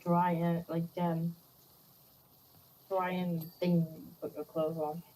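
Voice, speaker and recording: A woman streaming a game in casual chat, talking to and gently scolding the cat on her lap. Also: lowish voice, little pitch movement, takes it slowly, low-quality recording. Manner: fussing at a cat, scolding softly.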